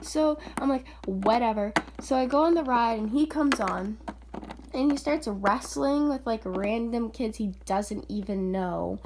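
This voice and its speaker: A woman's voice: fairly high pitch, unhurried, background noise. A woman vlogger telling a story in casual chat, filler-heavy and quoting voices with animation. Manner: chatty, filler-heavy, often says "like".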